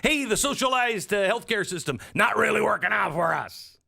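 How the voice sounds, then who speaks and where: A man voicing fed-up protesters who scoff at their government, lifting his pitch. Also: expressive, normal speed, creaky, pushed and bright, husky, exaggerated voice.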